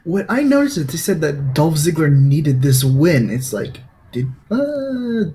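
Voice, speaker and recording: Podcast dude, husky voice, easygoing chat, laughs here and there. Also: male voice, a little high, unhurried. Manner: laughs often, listing things in a relaxed way. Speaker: podcast co-host. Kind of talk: casual chat.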